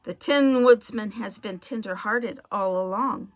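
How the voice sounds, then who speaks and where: A woman voicing a gentle young girl in a storybook reading, earnest. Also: medium pitch, measured pace, lightly acted.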